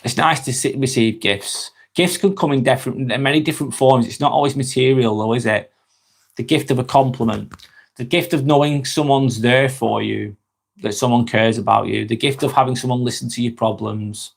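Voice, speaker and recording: A man with a Lancashire accent talks to his viewers on a live stream, his voice sitting at an ordinary middle pitch. He reads out their comments and chuckles along with them. His manner is gentle and reflective throughout. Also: normal speed, gravelly. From Northwest England.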